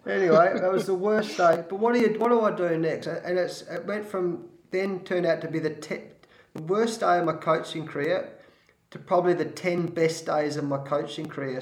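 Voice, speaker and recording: Australian man, middle-aged, former coach, animated storyteller, repeats words, fairly high voice, echoey room. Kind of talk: storytelling in a panel talk.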